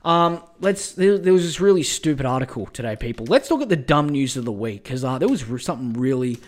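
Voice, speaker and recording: A man hosting a casual podcast, ranting in a profane, excitable way that often turns exasperated. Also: medium pitch, a little fast. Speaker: podcast host.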